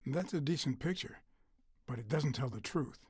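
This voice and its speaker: An actor playing a grown male cat private detective in a video game, speaking calmly and deliberately with a husky voice. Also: medium pitch, no room sound, studio quality. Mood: calm probing. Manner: calm, questioning, deliberate.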